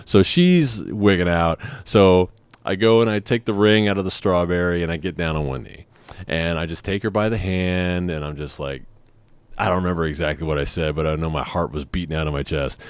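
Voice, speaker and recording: A man's voice: low voice, a little fast, clear, resonant tone, no echo. A man casually telling a personal story, acting out the scenes and swearing freely. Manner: animated, acts out the scene in quotes, swears freely. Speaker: channel host.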